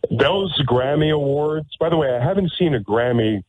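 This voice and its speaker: A man's voice: a little high, lively intonation, normal speed. A man hosting a talk radio show, delivering a combative, sarcastic monologue full of restarts and asides. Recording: dry, tinny phone-like radio line.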